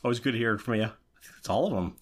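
A man's voice: medium pitch, very fast. A man co-hosting a podcast in casual chat, reading out quiz questions and laughing often. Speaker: podcast co-host.

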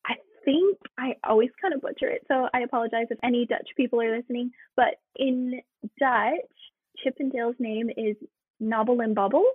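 An American woman working in theme park entertainment, chatting in an interview, self-deprecating and quick to laugh. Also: a little high, steady tone, slightly rough, no echo. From United States. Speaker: guest, theme park entertainment cast member. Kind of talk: casual interview. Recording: tinny phone-like line.

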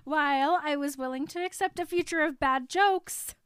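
A woman's voice: sits high, moderate pace, no echo, clean studio sound. A woman co-hosting a podcast, laughing and gushing over a story's scenes. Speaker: podcast co-host. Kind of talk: casual book recap chat.

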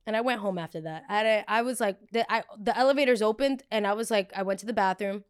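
A young woman in her twenties hosting a podcast, telling a story in a candid, animated way and swearing freely. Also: medium pitch, quick pace, clear, resonant tone. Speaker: podcast host. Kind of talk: casual confessional storytelling.

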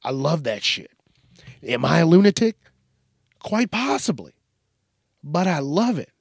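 A man's voice: a little slow, creaky, breathy edge, dry recording, clean studio sound. A man hosting a podcast who rants casually with lots of swearing and talks in a groggy early-morning voice. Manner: profane, animated, mimics people in high yelps. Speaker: podcast host. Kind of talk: casual solo rant.

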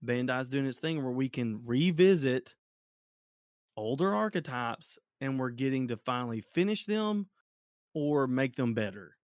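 A man co-hosting a casual card game podcast, talking excitedly and laughing often, with sudden jumps up in pitch. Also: unhurried, no room sound, clean studio sound.

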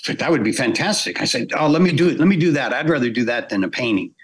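A middle-aged man telling a long, lively anecdote as a guest in a podcast interview, acting out the voices of the people he quotes. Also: medium pitch, fast talker, slightly rough. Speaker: guest animator.

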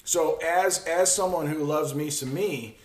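A man's voice: a little high, unhurried, a loud crowd. A man co-hosting a podcast in casual chat, joking and laughing often. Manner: jokey, laughs often, does silly voices. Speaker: podcast co-host. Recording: echoey room.

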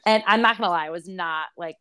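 A woman's voice: on the low side, fast talker, pushed and bright, clear, resonant tone. A young woman hosting a casual podcast interview, chatty and bubbly, laughing easily as she tells a story. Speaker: podcast host.

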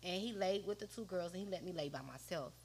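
A woman's voice: on the low side, quick pace, darkish tone, slight background noise. A woman guest on a podcast, telling a personal story in a slangy, conversational way. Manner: slangy, conversational, often quoting others.

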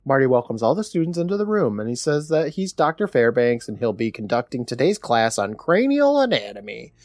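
A man's voice: medium pitch, fairly quick, dry recording. A man co-hosting a podcast, retelling a horror episode in a casual, joking storytelling way. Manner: animated storytelling with a laughing, joking tone. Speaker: podcast co-host.

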